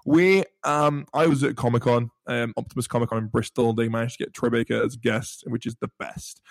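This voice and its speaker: A young man, telling animated stories with playful bragging as a podcast co-host. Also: mid-range voice, brisk, creaky, no echo. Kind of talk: casual storytelling chat.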